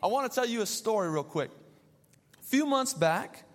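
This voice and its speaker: Young male pastor, high-pitched, lively storytelling sermon, long reverb of a big hall. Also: moderate pace. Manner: animated storytelling with playful asides.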